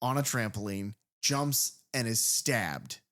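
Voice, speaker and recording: Animated, joking male podcast co-host. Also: lowish voice, takes it slowly. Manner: animated, profane, jokey asides. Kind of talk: casual film discussion.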